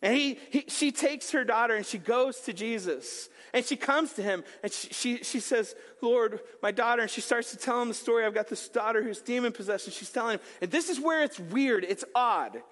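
A man preaching a sermon in an animated, conversational storytelling manner with jokes mixed in. His voice sits high, and long reverb from a church hall trails his words. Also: normal speed, few pauses. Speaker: pastor.

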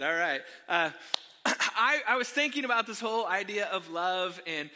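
A man's voice: sits high, a little slow. A middle-aged man preaching a sermon, telling funny stories about himself and talking straight to the congregation. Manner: animated, self-deprecating, talks to the congregation. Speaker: pastor. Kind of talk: sermon with personal storytelling. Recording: long hall reverb.

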